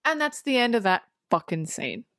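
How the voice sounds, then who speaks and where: A woman's voice: on the high side, very animated, moderate pace, fairly bright tone. A woman co-hosting a podcast, recapping a movie plot in casual chat with sarcastic, swear-filled asides. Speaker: podcast co-host.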